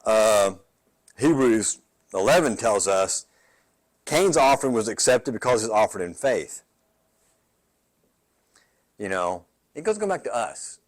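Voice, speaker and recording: A male pastor leads a midweek Bible study conversationally, often checking in with the group with questions like "right?" and repeating words as he goes. His fairly low voice is very animated and unhurried, with long pauses.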